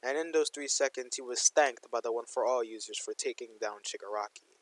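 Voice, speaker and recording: A man's voice: medium pitch, brisk, a little hiss or hum, poor audio. A young man casually narrating a fan-made story, rambling with lots of slang and "like", on a close mic.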